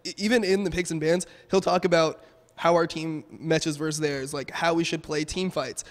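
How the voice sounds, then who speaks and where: A young man, a pro gamer, talking casually and quickly in a post-match interview, with lots of "um" and "like". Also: fairly high pitch, steady tone, long reverb tail. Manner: fast, casual, filler-heavy.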